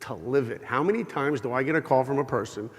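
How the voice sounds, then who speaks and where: Animated man in a reverberant hall. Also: medium pitch, fast talker. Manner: animated, humorous, acts out dialogue. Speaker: speaker giving an inspirational talk. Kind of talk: lively storytelling talk to a live audience. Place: large hall with an audience.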